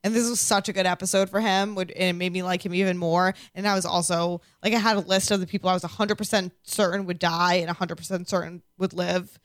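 A woman's voice: fairly low pitch, fairly even intonation, quick pace, few pauses, no room sound. Woman, podcast co-host, casual gushing chat, fills with "like," dry close sound. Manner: gushing, laughs often, says "like" a lot. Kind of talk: casual chat recapping a TV show.

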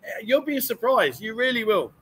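A man's voice: very high voice, very animated, normal speed, a bit bright, slight background noise. A man hosting a livestream from inside a bookshop, reading out viewer comments and teasing his co-hosts in a jokey, banter-filled way. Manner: jokey, teasing, often says "unbelievable". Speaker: livestream host. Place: indoors in a bookshop.

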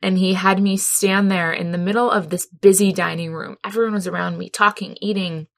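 A woman's voice: medium pitch, steady tone, a little fast, gravelly, no room sound. A woman talking earnestly and heartfelt about a personal experience, laughing easily as she tells it. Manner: earnest, heartfelt, laughs often while telling. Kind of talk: personal reflective talk.

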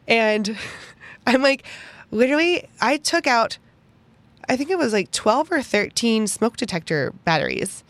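A young woman hosting a podcast, telling a personal story in an animated, chatty way full of "like" fillers. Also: medium pitch, normal speed, no echo. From Pittsburgh, United States. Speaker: podcast host.

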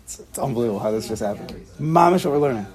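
A man's voice: medium pitch, lively intonation, rapid-fire, a little mellow. A man leading a casual Talmud study class, thinking aloud and checking in with his students. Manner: thinks aloud, asks the class questions, laughs at himself.

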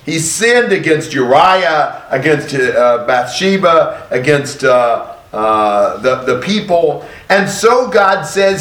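A man teaching a Bible study class, thoughtful and emphatic, pausing to exclaim for effect. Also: fairly high pitch, animated, fairly bright tone, echoey room.

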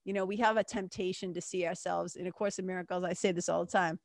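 A woman's voice: fairly low pitch, fairly even intonation, fast, vocal fry, no echo. Chatty woman podcaster, dry close sound. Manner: chatty, frequent fillers and swearing, laughs at herself. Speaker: podcast host. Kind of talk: casual self-help monologue.

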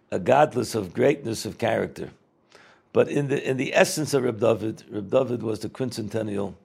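Middle-aged guy rambling through old stories, super gravelly, kinda husky. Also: mid-range voice, darkish tone. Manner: rambling, repeats words, Yiddish and Hebrew terms. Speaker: storyteller recalling a rabbi. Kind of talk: casual spoken reminiscence.

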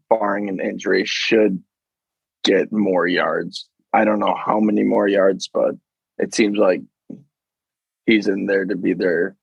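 A low, gravelly-voiced man, talking sports on a podcast. His voice is husky, and he rambles along casually with plenty of fillers. The sound is close and dry. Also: dry recording, low-quality recording. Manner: easygoing, rambling, many fillers. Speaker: podcast co-host.

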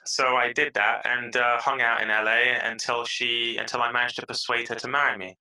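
A man with a British accent, a podcast guest in a casual interview, telling stories with lively energy and playful voices. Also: medium pitch, fairly quick, poor audio. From England.

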